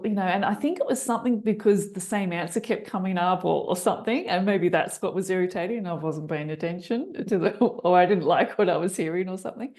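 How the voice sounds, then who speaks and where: Low-voiced woman telling a lively story. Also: moderate pace. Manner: animated, acts out her own inner thoughts with sudden pitch jumps and laughs. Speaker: podcast guest, business author. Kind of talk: casual storytelling in a conversation.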